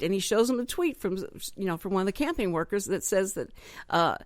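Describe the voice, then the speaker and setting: A woman's voice: mid-range voice, expressive, a little fast, no room sound. A woman hosting a talk radio show, chatting animatedly and laughing often.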